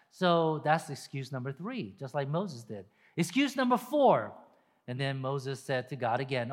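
A man preaching a sermon to a camera, animated and acting out people's excuses in quoted voices. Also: mid-range voice, moderate pace, in a large hall. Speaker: pastor. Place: empty room with long reverb.

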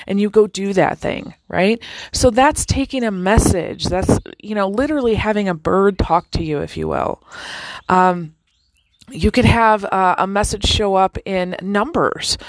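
Woman podcast host, mid-pitched, chatty and lively, dry booth sound. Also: moderate pace, no room sound, rough recording. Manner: chatty, animated, with many fillers and restarts. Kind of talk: casual spiritual talk.

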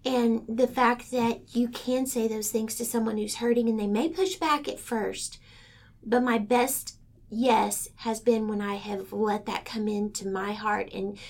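A woman with a fairly high voice and a gravelly, fry-laden edge. She speaks candidly and earnestly about faith in a casual conversation, sometimes falling almost to a whisper. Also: steady tone, unhurried. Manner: earnest, heartfelt, drifts into hushed tones. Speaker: guest author.

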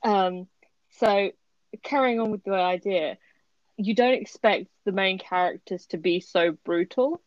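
A woman's voice: medium pitch, unhurried, no echo. A woman co-hosting a podcast, chatting casually and with animation about a story, often laughing as she talks. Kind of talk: casual chat reviewing a story. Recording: dry, slightly muffled lo-fi recording.

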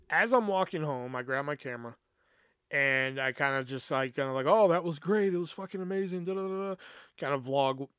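A young man hosting a podcast, telling a rambling, profane story with lots of fillers and animated energy. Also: mid-range voice, clear, resonant tone, no room sound, clean studio sound. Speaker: podcast host. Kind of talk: casual storytelling.

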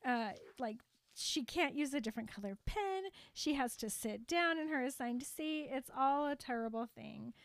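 High-pitched woman, bubbly and giggly, casual movie recap, dry close sound. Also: expressive, normal speed, creaky, no room sound. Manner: bubbly and giggly, acts out characters' lines. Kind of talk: casual chat, retelling a movie.

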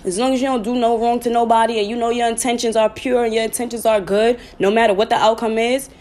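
A woman's voice: on the high side, steady tone, fast, a little mellow. Blunt, chatty woman podcast host. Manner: blunt, profane, chatty, with sudden laughing outbursts. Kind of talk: casual live talk to listeners.

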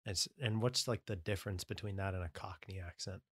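Lower-voiced man in relaxed banter. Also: fairly quick, husky, no room sound, clean studio sound. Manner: relaxed, teasing, asks lots of questions. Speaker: podcast co-host. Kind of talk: casual chat.

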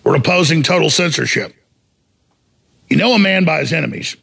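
A man hosting a talk show, ranting in a combative, mocking way and shouting for emphasis, with a raspy, gravelly voice. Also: a little high, expressive, a little fast. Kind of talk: heated talk radio rant.

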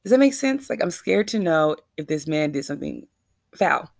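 A woman's voice: sits low, sing-song, moderate pace, vocal fry, darkish tone, no echo, studio quality. A woman vlogger telling a rambling, anxious, self-questioning story straight to her viewers. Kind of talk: casual confessional storytelling.

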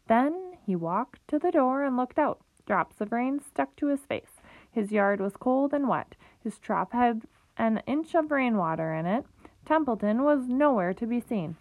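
A woman's voice: fairly high pitch, unhurried, no echo. Woman reading aloud over a tinny line. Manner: lively, with small slips and restarts. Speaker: reader. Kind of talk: reading a children's book aloud. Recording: tinny phone-like recording.

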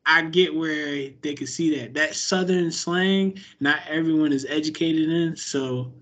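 A man co-hosting a podcast in casual chat, animated and profane, often restarting his sentences. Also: on the high side, a little slow. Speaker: podcast co-host.

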